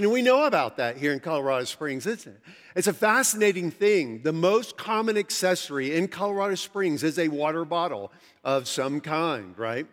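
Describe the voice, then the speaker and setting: A pastor preaching a sermon to his congregation, earnest and conversational, slowing down to stress key phrases, his throat a little dry. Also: on the high side, expressive, a bit bright. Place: large church sanctuary. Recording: long hall reverb from a large church.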